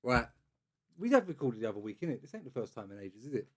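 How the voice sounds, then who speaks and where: A man's voice: mid-range voice, sing-song, fast talker. A young man hosting a casual podcast chat, telling stories animatedly in slang and swearing freely. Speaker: podcast host.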